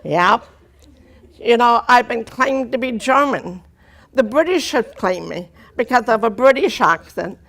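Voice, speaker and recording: A woman's voice: fairly high pitch, animated, unhurried, a bit bright, some chatter behind. A deaf woman giving a personal testimony to an audience, telling her story earnestly with dry humor. Her speech has unusual vowels and articulation that listeners often mistake for a foreign accent.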